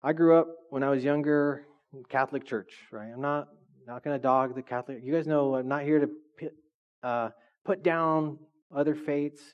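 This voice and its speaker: A man preaching a sermon as a pastor, lively and joking, acting out voices from his stories. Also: fairly high pitch, moderate pace. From California. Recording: dull lo-fi sound.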